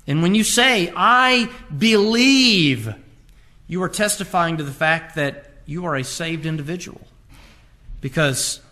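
Emphatic preaching man, pitched a bit high. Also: a bit bright. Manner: emphatic preaching, quoting scripture in a rising voice. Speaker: pastor. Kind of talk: sermon.

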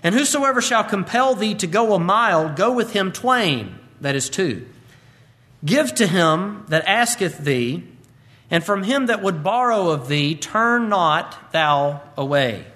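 High-voiced man preaching a sermon. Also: expressive, sharp tone. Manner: reads scripture in measured King James cadence, then explains briskly; emphatic preaching with rhetorical questions. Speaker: pastor. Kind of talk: expository sermon.

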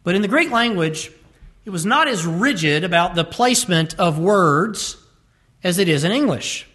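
A man with a fairly high voice delivers a sermon. He leans hard on key words, stretching some out slowly and rushing through others. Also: lively intonation, fairly bright tone. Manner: emphatic, varies pace to stress words. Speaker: preacher.

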